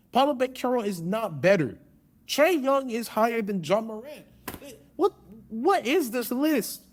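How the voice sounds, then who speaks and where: A man hosting a podcast in casual sports talk, emphatic and opinionated, often repeating his points. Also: high-pitched. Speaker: podcast host.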